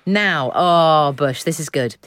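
A woman's voice: sits low, slow pace, fairly bright tone, no room sound, clean studio sound. A middle-aged woman co-hosting a comic podcast, theatrical and playful, giving mock-stern advice. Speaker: co-host.

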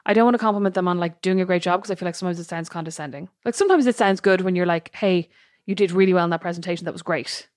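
A fast-talking woman co-hosting a podcast in casual chat. Her voice leaps up in pitch when she gets going, and the recording sounds close and dry. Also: dry recording. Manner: animated, pitch jumps high when storytelling. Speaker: podcast co-host.

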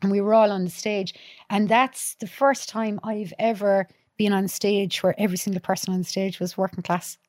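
A woman's voice: medium pitch, moderate pace, no echo, studio quality. A woman with a Dublin accent, a podcast guest and youth worker, chatting casually and telling stories with acted-out quotes and blunt swearing. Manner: lively storyteller, acts out quotes, swears freely. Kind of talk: casual chat.

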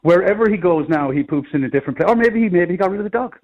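A middle-aged Irish man, a comedian, telling rambling, animated anecdotes in casual chat. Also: sits high, very fast, narrow, tinny audio. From Ireland. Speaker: comedian guest. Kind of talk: casual storytelling.

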